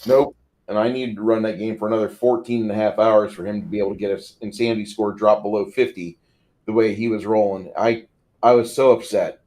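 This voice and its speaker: A man's voice: on the low side, brisk. A man co-hosting a casual podcast, telling a game-master story with lots of swearing. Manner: profane, animated storyteller.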